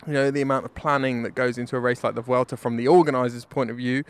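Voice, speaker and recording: A man's voice: medium pitch, flat delivery, fast, smooth. A man, giving a wry, rambling spoken dispatch as a correspondent. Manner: wry, rambling, self-mocking.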